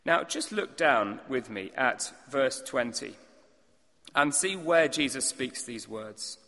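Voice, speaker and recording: A male preacher delivers a sermon in a large hall, his voice bright and sharp against a long, ringing reverb. He speaks with emphasis, asking the congregation rhetorical questions and clearing his throat from time to time. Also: medium pitch, animated, slow. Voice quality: clears throat now and then.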